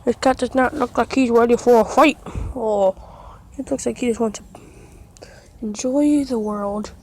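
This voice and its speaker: A woman's voice: moderate pace, a little mellow. A woman vlogging casually outdoors beside her house, talking chattily and cooing at a cat, recorded on a handheld phone. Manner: chatty, coos at the cat in a higher voice. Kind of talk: casual vlog chat.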